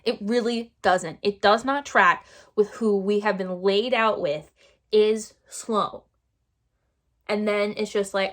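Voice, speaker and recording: A woman at an ordinary middle pitch talks through a casual book review vlog. Her delivery is exasperated and sarcastic. She keeps circling back to the same phrases to hammer her points home. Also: fairly even intonation, takes it slowly. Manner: exasperated, sarcastic, repeats herself for emphasis. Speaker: book vlogger.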